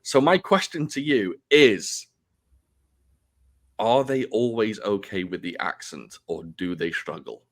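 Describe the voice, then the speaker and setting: A man's voice: on the low side, lively intonation, slow pace. A man hosting a casual interview podcast, rambling a little and interrupting himself with fillers. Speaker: podcast host.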